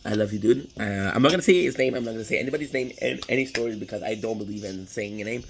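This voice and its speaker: A man's voice: fairly low pitch, rapid-fire, background noise. Rambling, profane young man telling a story. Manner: rambling, profane, frequent restarts. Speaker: vlogger. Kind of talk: casual storytelling while eating.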